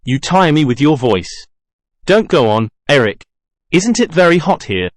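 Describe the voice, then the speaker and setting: A man reading the part of a frightened, gentle young woman who speaks in a soft, pleading way. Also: a little high, sing-song, unhurried, dry recording. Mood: weary.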